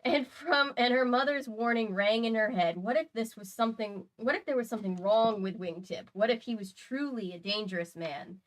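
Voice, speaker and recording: A woman's voice: on the high side, normal speed, hardly any pauses, poor audio. A woman hosting a show, reading a novel aloud and breaking off for chatty, wry commentary. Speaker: host.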